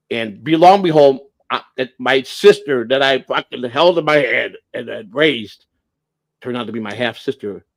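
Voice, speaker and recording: A man around sixty telling a family story on a livestream, blunt and profane, repeating and restarting as he goes. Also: mid-range voice. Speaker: livestream host.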